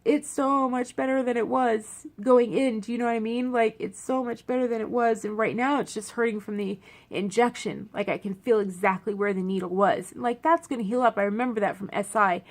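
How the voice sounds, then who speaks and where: A woman's voice: mid-range voice, fairly even intonation, fairly quick, hardly any pauses. A young woman talking casually to camera, tired and in pain after a medical procedure, rambling and repeating herself for emphasis. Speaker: vlogger.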